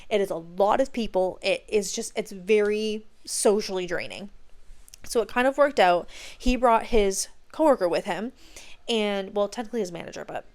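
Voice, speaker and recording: A young adult woman hosting a podcast, telling stories in a gushing, excitable way with casual swearing. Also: mid-range voice. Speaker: podcast host. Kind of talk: casual chat.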